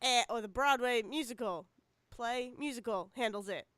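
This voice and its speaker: A woman's voice: a little high, moderate pace, a bit bright, clean tone, no room sound. A woman co-hosting a podcast in casual chat, chatty and laughing, with lots of fillers. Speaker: podcast co-host.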